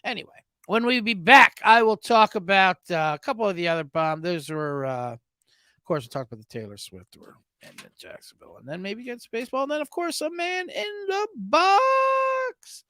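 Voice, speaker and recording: Sarcastic ranting man, bright animated voice. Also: high-pitched, fairly quick, clean tone, no room sound, studio quality. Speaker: sports betting podcast host. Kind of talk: sarcastic sports betting rant.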